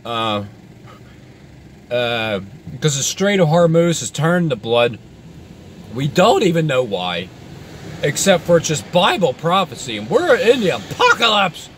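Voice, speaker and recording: A man commentating in a sarcastic vlog, mocking doomsday alarm with exaggerated outbursts and low muttered asides. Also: very animated, takes it slowly, pauses often, a little hiss or hum. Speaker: video commentator.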